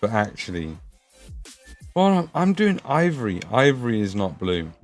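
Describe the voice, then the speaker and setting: A man's voice: lowish voice, very animated, normal speed, faint music behind. A man with an English Midlands accent, hosting a casual livestream while painting miniatures, chatting, swearing and laughing as he reads the chat. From England.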